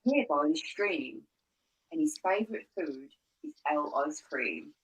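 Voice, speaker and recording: Sly little mouse, storybook reading, light lively voice, as a woman reads it. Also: low-pitched, takes it slowly, breathy edge, muffled recording, full character voice. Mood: cunning. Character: timid but clever little mouse. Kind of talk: reading a picture book aloud. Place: home, livestream.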